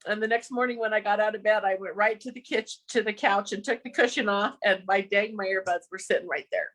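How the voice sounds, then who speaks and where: A woman's voice: medium pitch, quick pace, a bit bright. A woman telling a personal story of loss in an earnest, emotional way, laughing now and then through her grief. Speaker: podcast guest.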